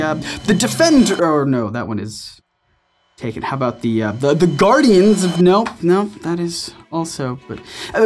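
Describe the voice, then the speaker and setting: A male video-essay host delivers scripted commentary with a lively, swooping pitch. His manner is playful and self-mocking. Faint music plays beneath him.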